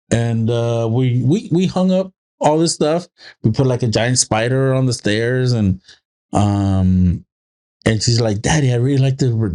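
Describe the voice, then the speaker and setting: A man in his thirties chatting casually on a podcast, with a mid-pitched voice. He rambles through stories in loose, looping sentences and acts out a child's lines with quick jumps in pitch. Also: warm tone. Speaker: podcast co-host. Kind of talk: casual chat.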